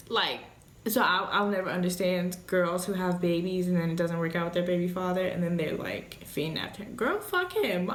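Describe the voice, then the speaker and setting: A young woman talking candidly in a casual vlog, blunt, emotional and full of swearing. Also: on the low side. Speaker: vlogger, new mother. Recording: echoey room.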